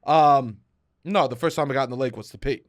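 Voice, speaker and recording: A young man co-hosting a casual comedy podcast, spinning stories with animated energy. His voice sits at an ordinary middle pitch, recorded close on a dry studio mic. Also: fairly quick, no room sound. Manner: animated storyteller, gets loud and high when acting out his mother. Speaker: podcast co-host.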